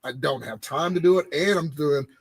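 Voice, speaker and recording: A man, co-hosting a casual podcast and telling animated stories about his old job. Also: fairly high pitch, normal speed, husky, poor audio. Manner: animated storytelling, repeating phrases. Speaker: podcast co-host. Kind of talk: casual chat.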